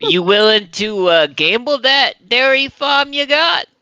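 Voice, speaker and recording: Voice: mid-range voice, animated, a little slow, sharp tone, no room sound, highs cut off, voice pushed up. A player voicing a sly male gambler who keeps swearing, teasing others in a smug way.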